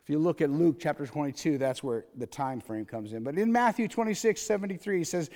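A man preaching a sermon in a conversational way, alternating loud emphatic lines with quiet asides. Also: on the high side, expressive, fairly quick, hardly any pauses, long reverb tail. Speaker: pastor.

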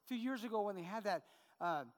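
Chatty pastor preaching in a reverberant hall. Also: male voice, high voice, quick pace. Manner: conversational, with frequent "right?" asides. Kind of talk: sermon.

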